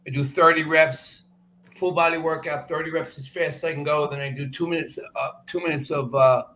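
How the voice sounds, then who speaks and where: A man's voice: on the high side, steady tone, a little fast, pushed and bright, a little hiss or hum. A man joining a live stream as a call-in guest, describing things in a hesitant way with lots of fillers. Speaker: guest calling in.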